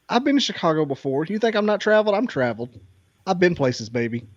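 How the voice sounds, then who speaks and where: A man chats loosely on a podcast, rambling from one joking rant to the next. His voice sits a little high for a man and sounds dull and lo-fi, with a dry, close feel. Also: very animated, moderate pace, dry recording. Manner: rambling, playful ranting with mock accents. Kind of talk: casual chat.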